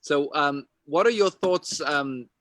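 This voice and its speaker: A man hosting a casual interview, asking short, playful quick-fire questions. His voice is bright and a little higher than average. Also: no room sound. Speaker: interview host.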